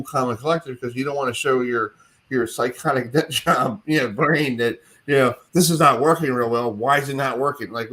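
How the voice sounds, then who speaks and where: A man hosts a sports talk show from his home. He rambles and tells stories in a loose, chatty manner. His pitch sits in the middle. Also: fairly bright tone. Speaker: sports radio host. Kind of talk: casual radio chat.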